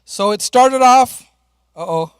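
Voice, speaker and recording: A woman's voice: fairly high pitch, lively intonation, slow, clean tone. A woman presenting at a reception, upbeat and playful, joking through the technical glitches. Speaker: event presenter. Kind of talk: lively speech at a reception. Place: large reception hall. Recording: echoey hall with faint background noise.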